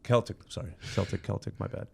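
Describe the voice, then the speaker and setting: A man with a somewhat low voice chats casually as a podcast guest. He tells lively, animated stories, laughs often and restarts his phrases on the fly. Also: brisk. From Iran. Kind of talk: casual chat.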